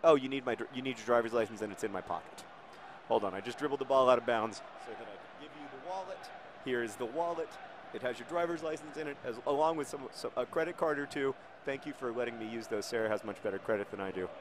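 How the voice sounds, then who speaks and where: A man giving casual, rambling gameplay commentary with jokey deadpan asides. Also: medium pitch, fast talker, noisy background. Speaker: video game commentator.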